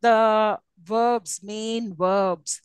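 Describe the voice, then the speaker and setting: A woman's voice: medium pitch, fairly even intonation, drawn-out words, smooth, no echo, low-quality recording. A woman giving a university English lecture, often checking that her students follow. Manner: teacherly, checks understanding often. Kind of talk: classroom lecture.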